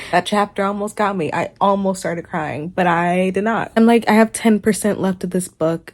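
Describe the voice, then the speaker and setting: A young woman vlogging her reaction to a book, ranting in an animated, exasperated way and laughing often. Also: mid-range voice, unhurried. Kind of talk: casual reaction vlog.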